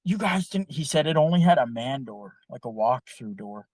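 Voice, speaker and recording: A young man telling a long story in a casual podcast chat, animated and heavy on swearing. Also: mid-range voice, normal speed, dry recording. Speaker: podcast co-host.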